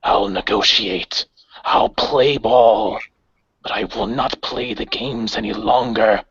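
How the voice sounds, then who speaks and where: A man playing a grim, cold gang leader who speaks with measured, menacing calm. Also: on the low side, gravelly, husky, voice pushed down, full character voice. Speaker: player voicing his character. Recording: dry, dull lo-fi recording.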